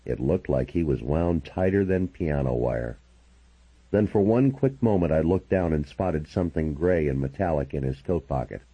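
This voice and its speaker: Deep husky male audiobook narrator. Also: animated, moderate pace, lo-fi sound. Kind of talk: first-person audiobook narration.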